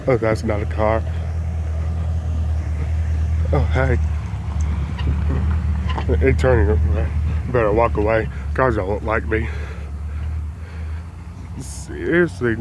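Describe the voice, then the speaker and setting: A man's voice: on the low side, slow, long pauses, background noise. A man chatting casually while reacting to a cartoon, earnest and emotional, rambling as he goes.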